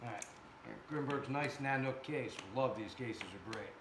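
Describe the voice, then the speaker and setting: An American man with a mid-range, unhurried voice tests air guns in his indoor workshop, chatting to viewers and tossing in joking asides for a casual vlog. A camera placed far away picks him up, so the room sounds echoey and there's background noise.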